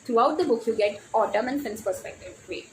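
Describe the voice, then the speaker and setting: A teenage girl from India, speaking English with an Indian accent, chatting in a casual book vlog. Her voice sits a touch high and she gushes, piling up exclamations and stumbling restarts. A faint layer of noise hangs behind her. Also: a little fast, low-quality recording. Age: teens. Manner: gushing, excitable, with frequent restarts and exclamations. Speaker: book vlogger.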